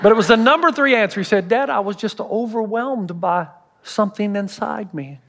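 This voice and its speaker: A middle-aged male pastor preaching a sermon, animated and storytelling, acting out voices. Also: high-pitched, moderate pace, gravelly, very noisy. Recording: reverberant hall.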